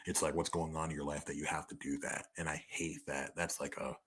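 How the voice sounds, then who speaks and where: A man's voice: extremely low pitch, little pitch movement, brisk, a bit bright, slightly rough. A young man talking candidly and profanely through a list of personal questions, in a loose, conversational way full of "like.". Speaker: podcaster answering listener questions. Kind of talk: casual monologue.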